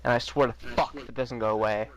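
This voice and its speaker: A man's voice: medium pitch, fairly even intonation, fast talker, dull audio. Mock-solemn man trolling in voice chat. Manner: mock-solemn, teasing, preachy. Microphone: voice chat microphone.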